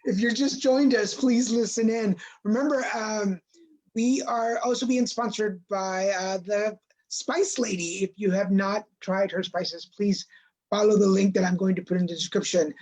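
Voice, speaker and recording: A man hosting a casual podcast interview, speaking quickly with many fillers and hesitations. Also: high-pitched, steady tone, a little mellow, rough recording. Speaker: podcast host. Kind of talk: casual interview, sponsor read.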